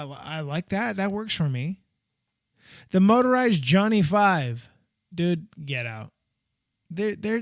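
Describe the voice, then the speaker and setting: A middle-aged man with a high, gravelly voice hosts a podcast in loose, casual commentary. He is blunt and dismissive, with sarcastic asides. The sound is close and dry. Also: no room sound. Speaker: podcast host.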